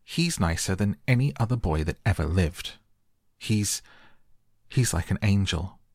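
A man's voice: low-pitched, animated, measured pace, darkish tone, no room sound, clean studio sound, exaggerated voice. A man voicing a sour, stubborn little girl who snaps out fierce retorts.

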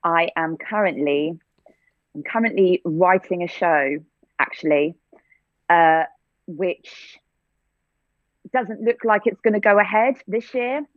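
This English actor and theatre-maker gives thoughtful, conversational interview answers, full of restarts, fillers and small laughs. She speaks slowly in a fairly low voice, pausing often. The sound is dry and close, on a thin phone-like line.

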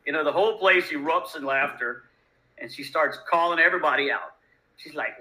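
Guest: New bartender man, slightly high, very bright tone, profane raconteur. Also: fairly quick, rough recording. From Louisiana. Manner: profane, animated, laid-back. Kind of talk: casual storytelling.

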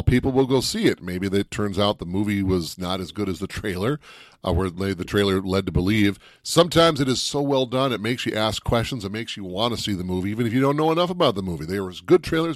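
A man's voice: medium pitch, dry recording, clean studio sound. A man co-hosting a podcast in casual chat, telling stories with playful energy. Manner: animated, playful storyteller. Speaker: podcast co-host.

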